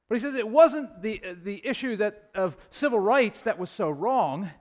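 A man as pastor preaching a sermon in a church, earnest, swelling louder when he quotes scripture. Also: high voice, expressive, moderate pace.

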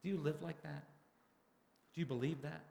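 A man's voice: fairly high pitch, fairly even intonation, normal speed, creaky, warm tone, echoey room. A man preaching a sermon, retelling a book passage and then addressing his congregation directly. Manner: reads a book passage aloud with dramatic feeling. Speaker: pastor.

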